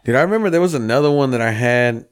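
A man's voice: medium pitch, lively intonation, rapid-fire, smooth. A man in his thirties hosting a casual podcast, telling long rambling stories full of swearing. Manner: profane, rambling storyteller. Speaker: podcast host.

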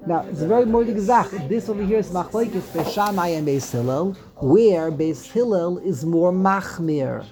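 A man leads a Talmud class, reading passages aloud and then explaining them in plain speech. His voice sits a little high for a man but has a warm, mellow tone. He makes dry jokes along the way. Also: animated, normal speed, hardly any pauses. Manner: wry asides, chuckling, reading and translating. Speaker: Talmud teacher. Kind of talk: casual Talmud lesson.

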